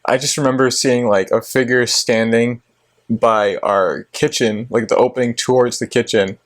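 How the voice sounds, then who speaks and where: A young man chats casually beside his mother, cracking dry, teasing jokes. His talk is relaxed and offhand. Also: medium pitch, moderate pace. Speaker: co-host, her son. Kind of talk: casual chat.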